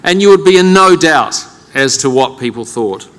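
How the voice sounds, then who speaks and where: Speaking at normal speed in an expressive, fairly bright mid-range voice, a middle-aged keynote speaker with a New Zealand accent wryly recounts a funny, self-deprecating personal story in conversational style. The audience-filled conference hall leaves a long reverb.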